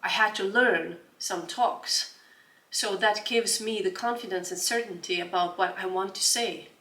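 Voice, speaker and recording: A woman in her forties talks as a podcast guest, earnest and often restarting mid-phrase as she hunts for English words. She sits well back from the mic in a roomy, echoing space, her voice at an ordinary middle pitch. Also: measured pace, sharp tone. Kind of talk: casual interview chat. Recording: roomy room, distant mic.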